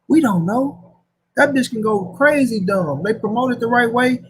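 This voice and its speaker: High husky-voiced man ranting. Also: animated, moderate pace, poor audio. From St. Louis, USA. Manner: profane, slangy, repetitive rant. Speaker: boxing commentary host. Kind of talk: casual boxing talk.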